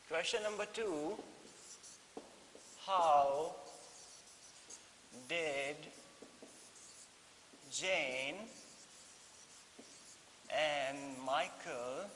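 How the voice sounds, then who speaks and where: A man's voice: on the high side, a bit bright. Indian man teaching in an echoey classroom. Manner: explains slowly, repeating phrases with "okay?" checks. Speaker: English teacher. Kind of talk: textbook lesson explanation. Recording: echoey hall with faint hiss.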